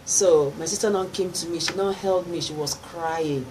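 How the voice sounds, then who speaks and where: A woman's voice: lowish voice, normal speed, a little mellow, poor audio. A middle-aged Nigerian woman, a gospel singer, telling her testimony in a radio interview and acting out the voices of people in her story. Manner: storytelling with acted quotes and laughter. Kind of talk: animated testimony. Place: radio studio. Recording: faint background noise.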